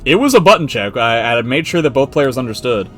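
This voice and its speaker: A man hosting a live stream and commentating fighting game matches, excitable and joking as he reacts to the play. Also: mid-range voice, fairly quick, soft background music. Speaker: esports commentator and stream host.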